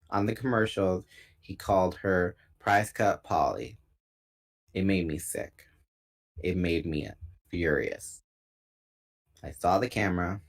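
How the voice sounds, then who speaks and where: A man reading a novel aloud in a relaxed, unpolished way, pausing now and then to correct a slip. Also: low voice. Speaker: book reader.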